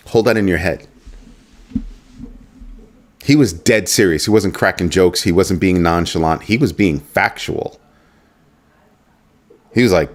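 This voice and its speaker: Deep-voiced man musing through rhetorical questions. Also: moderate pace, long pauses. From United States. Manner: musing, asks rhetorical questions, reads chat aloud. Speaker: livestream host. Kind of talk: casual livestream commentary.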